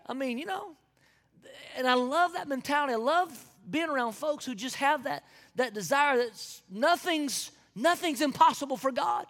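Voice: high-pitched, animated, moderate pace, a bit bright, long reverb tail. A pastor with a Southern US accent preaching a sermon with folksy asides and sudden whoops of joy.

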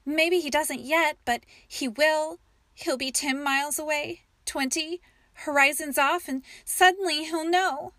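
A woman's voice: on the high side, animated, measured pace, dry recording, clean studio sound. A woman voicing a frightened young wife who insists on her fears in an audiobook story. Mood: fearful, insistent. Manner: fearful and insistent.

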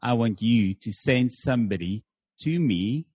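Husky-voiced man telling a story. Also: mid-range voice, unhurried, dry recording. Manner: animated anecdotes with filler words. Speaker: church planter guest. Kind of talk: conversational storytelling.

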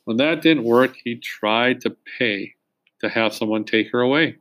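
A man narrating a children's book in the first person, with steady, dry storytelling. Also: medium pitch, unhurried. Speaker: audiobook narrator.

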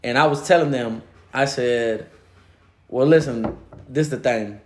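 A man co-hosting a casual chat, telling animated stories with acted-out quotes and frequent laughs. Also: mid-range voice, a little slow, slight background noise. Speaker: podcast co-host. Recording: echoey room.

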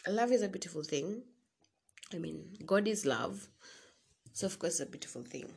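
A woman's voice: lowish voice, animated, normal speed, creaky, darkish tone, husky. A young Kenyan woman giving a casual motivational talk to her listeners, preaching and calling them sis. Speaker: vlogger.

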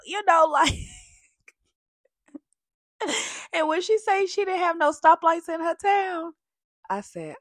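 A woman giving a casual, sassy recap of a reality TV show, animated and full of slang, jumping between topics. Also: high voice, measured pace, dry recording, clean studio sound.

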